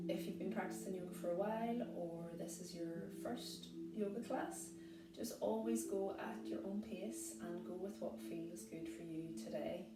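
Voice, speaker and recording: A woman leading a yoga class, guiding the breathing in a gentle, calm and reassuring way. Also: lowish voice. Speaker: yoga instructor. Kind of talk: guided yoga class instruction. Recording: roomy, distant mic, loud guitar music.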